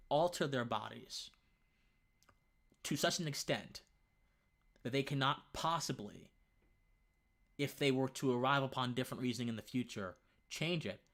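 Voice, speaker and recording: Long pauses break up the moderate-paced, medium-pitched speech of a young adult livestream host. In his casual opinion stream he rambles, trips over words, and restarts sentences, staying lively and conversational and often saying "man."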